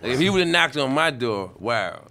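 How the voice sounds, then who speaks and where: A man's voice: medium pitch, big pitch swings, normal speed, sharp tone. A man hosting a podcast, chatting in a laid-back, drawling way. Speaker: podcast host. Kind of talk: casual chat. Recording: music playing behind.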